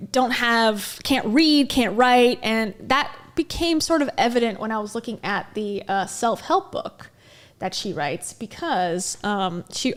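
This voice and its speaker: A chatty woman with a slightly high voice hosts a casual commentary stream. She rambles through her points, filling the gaps with "like" and "uh" and laughing as she goes. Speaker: commentary host.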